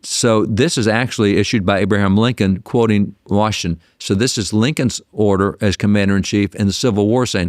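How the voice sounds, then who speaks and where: Brief: guest historian, man, lower voice, dry close sound, animated storyteller who restarts phrases. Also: a little fast, few pauses, no echo. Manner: animated, repeats words when starting sentences. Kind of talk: interview storytelling.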